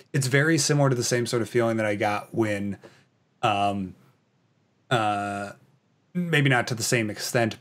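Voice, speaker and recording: Rambling Canadian man, low voice. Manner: rambling, filler-heavy, enthusiastic fan talk. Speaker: podcast host. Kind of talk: casual chat, reading viewer comments.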